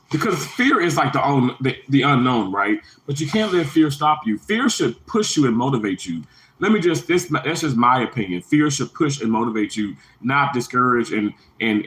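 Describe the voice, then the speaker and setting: A man in his thirties gives an earnest motivational livestream talk, repeating himself and greeting the chat in a higher, slightly bright voice. The recording is rough.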